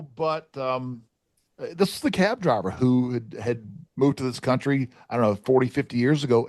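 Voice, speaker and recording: A man co-hosting a podcast, talking in a relaxed way with many pauses. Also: medium pitch, no room sound. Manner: relaxed, with many fillers and restarts. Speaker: co-host. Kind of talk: casual podcast chat.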